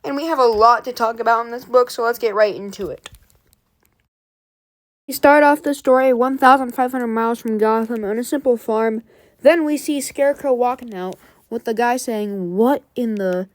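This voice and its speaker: A woman with a fairly high voice, chatting through a comic book story as she retells it scene by scene. Her delivery is casual and animated. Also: moderate pace.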